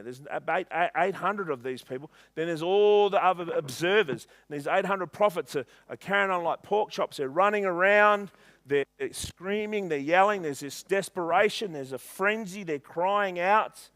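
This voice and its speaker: A man preaching a sermon in church, reading scripture aloud and retelling it with animated humor. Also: fairly high pitch, no echo. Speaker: pastor.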